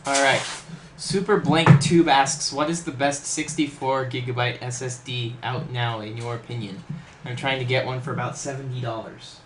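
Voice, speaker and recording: A man's voice: medium pitch, steady tone, moderate pace. A man helping on a live stream, reading viewer questions aloud and dropping dry jokes. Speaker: co-host reading chat. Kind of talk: casual live stream chat. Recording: echoey room with background noise.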